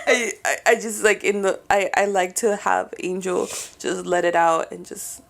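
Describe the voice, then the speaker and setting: Woman host, giggly and animated, fry in the voice, a bit high; casual, swears, drifts soft. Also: a little slow, slight background noise. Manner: giggly, swearing, drops into soft near-whispers, mixes in Spanish. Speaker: podcast host. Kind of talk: casual podcast chat.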